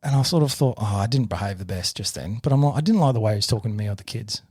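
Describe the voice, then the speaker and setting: Australian male podcaster, 30s, animated sweary storyteller, dry mic. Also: fairly low pitch, racing, husky, no room sound. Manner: sweary, animated retelling with shouted quotes. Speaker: podcast co-host. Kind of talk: casual storytelling.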